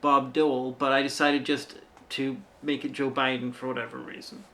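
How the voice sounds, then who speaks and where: A man's voice: mid-range voice, level tone, moderate pace, a bit bright. A man chatting casually as co-host, telling anecdotes with dry, jokey asides. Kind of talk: casual chat.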